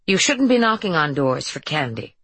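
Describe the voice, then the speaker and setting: A woman's voice: deep voice, very animated, normal speed, a bit bright, husky, dry recording, heavily acted. A woman voicing a stern, scolding woman. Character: stern wary woman, strict about parenting. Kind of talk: audiobook character voice.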